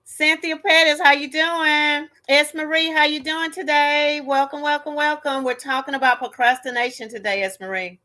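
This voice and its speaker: A woman's voice: sits high, fairly even intonation, normal speed, hardly any pauses, pushed and bright. A woman hosting a casual live stream, chatty and greeting viewers by name.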